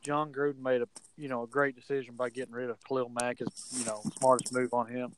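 A man with a mid-range voice talks football in a casual chat. He speaks slowly and stumbles over his words a little while he makes his picks. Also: mid-range voice, little pitch movement, a little hiss or hum, low-quality recording. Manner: slow, halting, with stutters. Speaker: co-host picking games.

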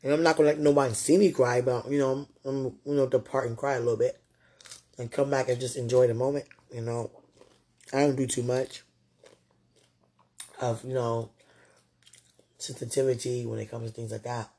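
A man with a husky voice, pouring his heart out in rambling, tender late-night talk about faith. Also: medium pitch, level tone, normal speed, long pauses, mellow. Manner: rambling and tender, full of "you know".

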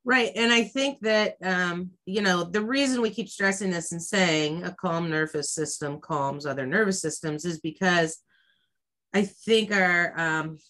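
A woman who runs stress trainings, talking casually and thoughtfully with frequent pauses. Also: on the low side, fairly bright tone. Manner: thoughtful, hesitant with fillers. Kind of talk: casual conversation.

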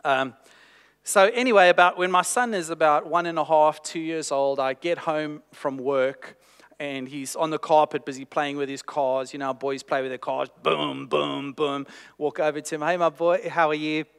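A man's voice: fairly high pitch, steady tone, moderate pace, a bit bright, clean tone, big-room sound. A man preaching a sermon, telling a personal story with self-deprecating humor.

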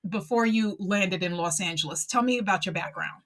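A woman's voice: medium pitch, brisk, fairly bright tone. A woman with a New York accent hosting a podcast interview, chatty and enthusiastic with frequent fillers. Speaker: podcast host.

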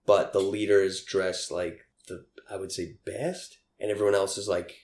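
A young man with a somewhat low voice tells loose, rambling stories, full of fillers and quick laughs. The room around him is noticeably echoey. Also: level tone, darkish tone. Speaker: interviewee. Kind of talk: casual storytelling.

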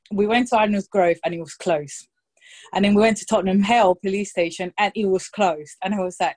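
A woman in her thirties telling a story in casual chat, lively and anecdotal, slipping into quoted voices for the people in it. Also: medium pitch. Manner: lively anecdotal storytelling, quoting others in brief put-on voices.

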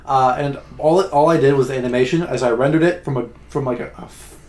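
A young man in casual chat, laid-back and halting, with lots of "like" and "uh". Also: medium pitch, a little mellow.

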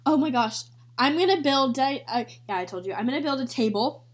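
A woman's voice: high-pitched, expressive, fairly quick, breathy edge. A young woman co-hosting a podcast, chatting casually and joking with a giggly manner. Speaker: podcast co-host. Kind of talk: casual chat.

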